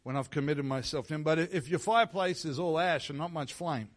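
A man giving a sermon as pastor in a church, moving from quiet reflective teaching into loud, fervent prayer. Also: fairly high pitch, brisk. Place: church sanctuary. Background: soft instrumental music.

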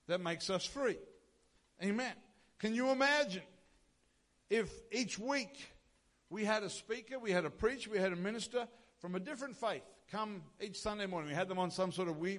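High-voiced pastor preaching. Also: male voice, moderate pace, a bit bright. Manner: emphatic, with rhetorical questions and repeated phrases. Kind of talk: sermon.

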